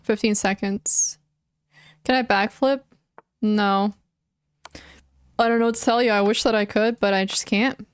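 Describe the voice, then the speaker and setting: A woman's voice: mid-range voice, fairly even intonation, unhurried, long pauses, clear, resonant tone, dry recording, studio quality. A young adult woman streaming chess, chatting casually and emotionally with her viewers and often using "like" as a filler. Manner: emotional, talks to her chat, frequent "like" fillers. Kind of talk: casual live-stream chat.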